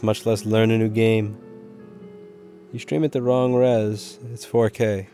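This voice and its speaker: A man hosts a casual game stream in a wry, chatty way. He breaks into excited shouts during the action. Faint music plays behind him. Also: lowish voice, unhurried. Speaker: host.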